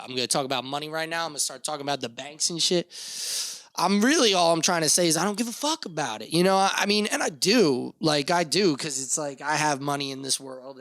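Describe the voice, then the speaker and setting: A man's voice: medium pitch, a bit bright, dry recording. A young man hosting a solo podcast, rambling casually with lots of fillers and swearing. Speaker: podcast host.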